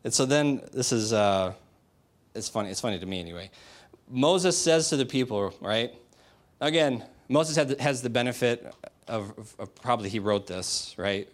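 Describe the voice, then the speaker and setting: A man's voice: mid-range voice, normal speed. Emphatic conversational male preacher. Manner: emphatic, direct, conversational, rhetorical questions. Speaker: pastor. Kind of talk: sermon.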